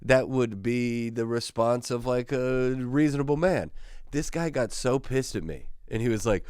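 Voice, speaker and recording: A man's voice: mid-range voice, measured pace, a little mellow, clean tone, no echo, studio quality. A man hosting his own show, telling a rambling, self-mocking story that gets him worked up. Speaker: podcast host. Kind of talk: casual storytelling monologue.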